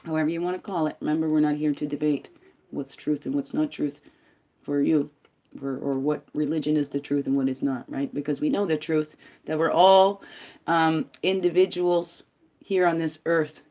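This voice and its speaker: A woman's voice: low-pitched, little pitch movement, moderate pace, mellow, dull audio. A middle-aged woman hosting a rambling, playful spiritual guidance talk, often laughing and asking "right?".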